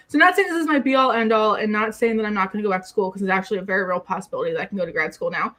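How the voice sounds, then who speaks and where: A young woman chatting casually on a livestream, rambling with lots of fillers and restarts in an excitable way. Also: medium pitch, rapid-fire, hardly any pauses. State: getting emotional. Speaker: YouTuber on a livestream.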